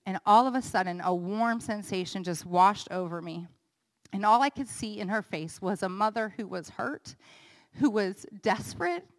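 A woman's voice: medium pitch, a bit bright, long reverb tail. A woman in her thirties preaching an earnest, emotional testimony and leading a prayer. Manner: earnest, emotional, builds to fervent peaks.

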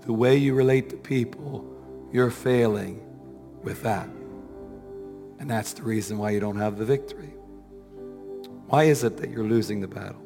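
Male pastor, strained weak voice, earnest sermon delivery with rising emphasis, reverberant church hall, soft music bed. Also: medium pitch. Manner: earnest, rhetorical questions, rising to emphatic peaks. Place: church sanctuary.

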